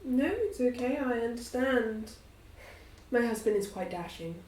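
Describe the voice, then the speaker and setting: A woman with a slightly higher voice, relaxed and easily amused as she plays a tabletop game. She sounds roomy and set back from the mic, with a faint hiss underneath. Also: a little slow, distant mic. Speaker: player. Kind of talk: casual tabletop play.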